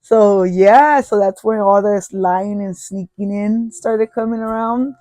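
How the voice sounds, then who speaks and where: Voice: mid-range voice, steady tone, slow, dark tone, dry recording. A podcast host telling a personal story casually, swearing often and rambling with restarts.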